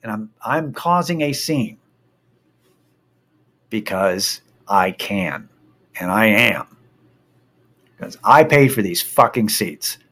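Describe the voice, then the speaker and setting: A man casually telling a personal anecdote, animated and profane as he gets worked up. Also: fairly low pitch, takes it slowly, pauses often.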